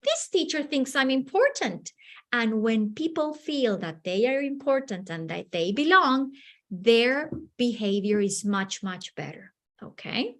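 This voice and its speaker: A woman from Chile leads a teacher training session. Her voice sits fairly high and swoops widely as she tells stories and acts out bits of dialogue. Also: very animated, a little slow. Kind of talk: teacher training talk with acted anecdotes.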